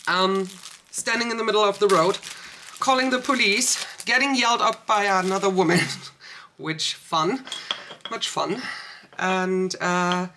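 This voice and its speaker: A woman's voice: mid-range voice, bright, forceful tone, slight background noise. A young woman vlogger telling a story in a rambling, emotional way. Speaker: small business owner and vlogger. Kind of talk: casual storytime vlog.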